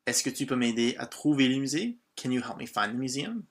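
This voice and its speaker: A man with an expressive mid-range voice talks quickly through a scripted beginner language lesson. His manner is encouraging and patient, full of brief prompts and repetition, switching back and forth between English and French.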